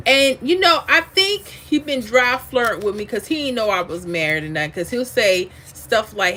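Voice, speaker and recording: A woman hosting a lottery livestream, chatting casually, reading viewer comments aloud and drifting into animated asides. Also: mid-range voice, normal speed, few pauses, a little hiss or hum.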